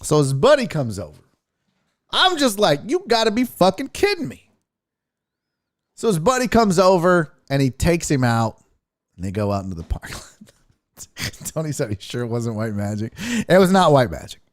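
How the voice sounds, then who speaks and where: A man's voice: fairly high pitch, sing-song, normal speed, pauses often, no room sound, studio quality. A man hosting a sports podcast, telling a story in a casual, profane, mock-outraged way. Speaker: comedian and sports podcast host.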